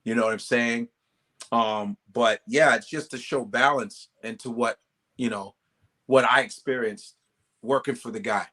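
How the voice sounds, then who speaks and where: A male comedian telling stories as a guest in a casual interview, animated and profane, acting out quoted voices. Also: medium pitch, measured pace.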